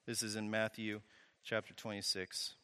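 Bright-voiced pastor preaching in a hall. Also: male voice, lowish voice, completely flat delivery, moderate pace, clear, resonant tone. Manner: conversational, asks the audience questions, wry asides. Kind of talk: sermon.

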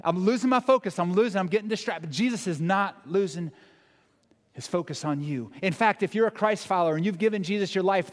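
Earnest pastor preaching in a reverberant hall. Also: male voice, high-pitched. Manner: earnest, conversational preaching with rhetorical questions. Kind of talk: sermon. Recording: long church hall reverb.

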